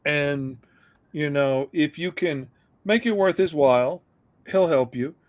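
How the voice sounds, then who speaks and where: A man with a higher voice co-hosts a live chat. He talks slowly and pauses often as he hunts for the right words. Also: highs cut off. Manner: halting, hesitant, searching for words. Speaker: co-host. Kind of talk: casual live-stream chat.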